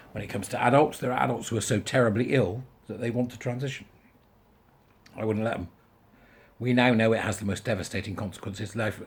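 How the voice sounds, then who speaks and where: A man's voice: on the low side, slightly rough. A man ranting bluntly in a casual vlog monologue, exasperated and emphatic. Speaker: vlogger.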